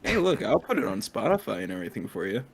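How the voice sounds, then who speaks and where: A young man co-hosting a casual podcast, giggly and quick to crack up. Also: medium pitch, crowd noise. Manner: giggly, animated, cracks up often. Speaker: podcast co-host. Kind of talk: casual chat.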